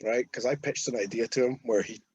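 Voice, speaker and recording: A man's voice: mid-range voice, fairly quick, a little mellow, husky, highs cut off. A man in his thirties, a wrestler guest, telling rambling, sweary anecdotes in casual podcast chat. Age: 30s.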